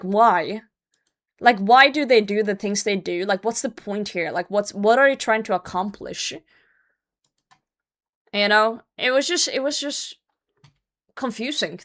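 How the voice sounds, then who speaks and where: A woman's voice: a little high, animated, fairly bright tone. Chatty ranting woman streamer. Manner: chatty, rambling, quick to rant and swear. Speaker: livestream host. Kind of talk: casual chat with viewers while gaming.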